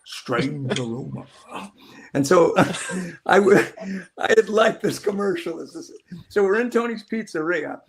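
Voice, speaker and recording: Talkative man, rambling and animated. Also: high voice, measured pace. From Southern California. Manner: rambling, animated, acts out quotes. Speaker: actor guest. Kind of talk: casual interview storytelling.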